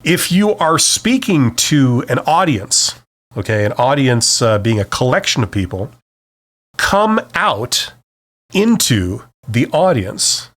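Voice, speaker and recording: A man's voice: mid-range voice, slow. A man hosting a solo advice podcast, speaking off the cuff and checking in with "okay?" after each point. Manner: animated, says "okay?" after most points; varies volume and speed to demonstrate. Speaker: podcast host. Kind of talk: unscripted solo advice talk.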